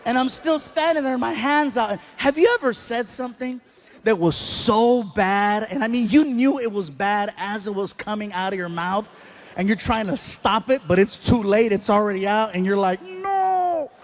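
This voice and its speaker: A man doing stand-up, telling a story with animated delivery, acting out voices and shouting the punchlines. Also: high-pitched, moderate pace. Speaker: stand-up comedian.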